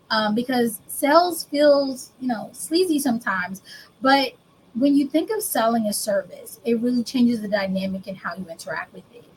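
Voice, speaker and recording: Animated, fairly high-voiced woman coach. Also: a little hiss or hum, low-quality recording. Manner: animated, conversational, acts out client dialogue. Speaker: business coach and speaker. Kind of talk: recorded workshop presentation.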